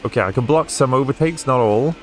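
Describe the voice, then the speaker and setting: A man with a softened Welsh accent, chatting casually and rambling while he streams a racing game. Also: medium pitch, brisk, faint music behind. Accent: Welsh, Newport area, softened toward English. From Wales. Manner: rambling and chatty, with frequent fillers and restarts.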